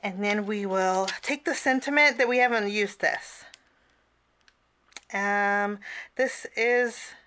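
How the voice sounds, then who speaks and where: A woman's voice: mid-range voice, bright, forceful tone. A woman teaching a casual cardmaking tutorial, chatty, with personal asides and frequent fillers.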